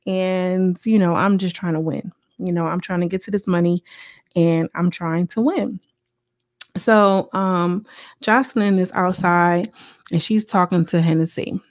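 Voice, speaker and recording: A woman casually recapping a reality show episode in a chatty, slangy way, with lively quoted voices. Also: on the low side, no echo, clean studio sound.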